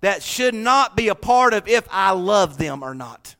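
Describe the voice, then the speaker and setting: A man's voice: sits high, big pitch swings, unhurried, pushed and bright. A man from North Carolina with a Southern accent, preaching a folksy sermon to his congregation in church. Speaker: pastor.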